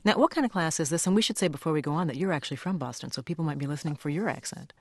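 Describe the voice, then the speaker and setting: A woman hosting a radio news program, introducing a guest and interviewing him in a measured broadcast delivery. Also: low-pitched, animated, no room sound, clean studio sound.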